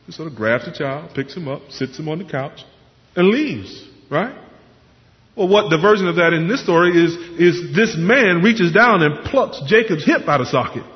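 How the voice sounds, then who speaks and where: A pastor preaching a sermon, explaining scripture earnestly and posing questions to the congregation. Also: male voice, a little high, expressive, moderate pace. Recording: muffled sound with long hall reverb.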